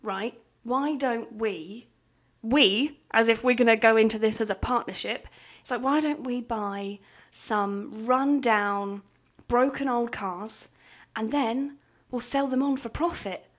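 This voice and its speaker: A woman's voice: a little high, takes it slowly. Woman quoting her bumbling boss. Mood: eager. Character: bumbling male boss pitching daft ideas.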